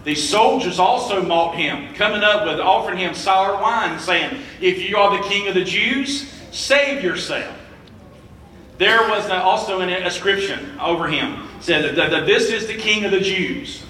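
A young male preacher reading scripture aloud in a sermon, halting often with filler sounds. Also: sits high, bright, forceful tone, a little hiss or hum. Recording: echoey room, mic at a distance.

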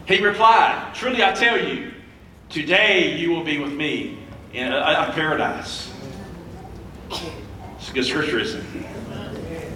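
A young male preacher reading scripture aloud in a sermon, halting often with filler sounds. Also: on the high side, background noise. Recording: echoey room, mic at a distance.

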